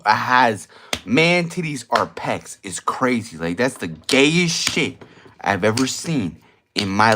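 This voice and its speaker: A man's voice: medium pitch, background noise. Young man, drawling and tipsy, crude late-night ranter. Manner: crude, slangy, argumentative, repeats himself. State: drinking, tipsy. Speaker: vlogger. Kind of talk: late-night rambling monologue.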